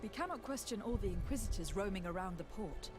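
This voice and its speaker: A woman's voice: medium pitch, lively intonation, quick pace, natural voice. An actress playing a poised noblewoman emissary in a game, polite and formal. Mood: inquiring. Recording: game audio with music behind.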